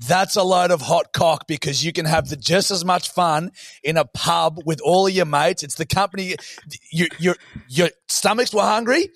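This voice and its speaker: Podcast co-host, man, foul-mouthed mock rants, gravelly voice. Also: fairly high pitch, normal speed, fairly bright tone, dry recording, clean studio sound. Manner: crude, swearing, mock-outraged ranting. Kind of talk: casual banter.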